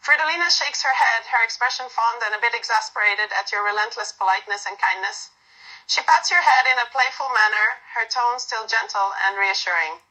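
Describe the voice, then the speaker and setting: A woman reading a second-person romance story aloud in a soft, unpolished way with fillers. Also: a little high, fairly quick, rough recording. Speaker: story narrator.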